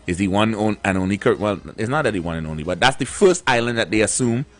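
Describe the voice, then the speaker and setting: Fast-talking and expressive, this Trinidad and Tobago man with a lowish voice co-hosts a relaxed radio conversation. His speech is chatty and meandering, full of repeated words.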